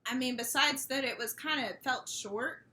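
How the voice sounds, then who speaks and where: Young woman podcast co-host, bright and rather high, rambling casual talk, faint room hiss. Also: moderate pace. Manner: rambling, with restarts. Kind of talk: casual chat.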